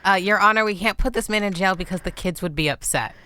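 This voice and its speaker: A woman's voice: mid-range voice, fast talker, pushed and bright, close to an everyday voice. A woman voicing an earnest young male defense lawyer in a fan dub of a courtroom game.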